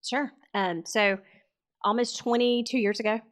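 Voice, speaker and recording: Podcast guest: woman in her 40s, lively, laughs a lot as she tells her story. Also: a little high, a little slow. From Mississippi. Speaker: podcast guest, real estate coach. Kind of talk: casual interview chat.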